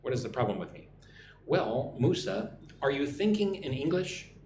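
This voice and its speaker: An American man teaches English on a live stream, explaining words slowly and asking "right?" after each point. His medium-pitched voice is very animated, and the audio is reverberant with a noisy background.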